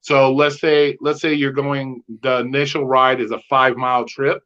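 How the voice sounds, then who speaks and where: A man's voice: mid-range voice, flat delivery, moderate pace, fairly bright tone. A man in loose podcast chat, telling stories in a mid-range voice and swearing freely as he acts out the back-and-forth of arguments. The audio sounds slightly dull and lo-fi. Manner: profane storyteller who acts out both sides of quoted arguments. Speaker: podcast co-host. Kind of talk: casual chat.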